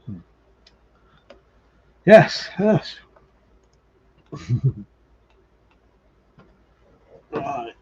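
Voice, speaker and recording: A man's voice: mid-range voice, sing-song, extremely slow, long pauses, mellow, slightly rough. A man hosting a live stream, chatting casually, swearing and laughing as he teases viewers, with slightly muffled audio. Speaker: livestream host.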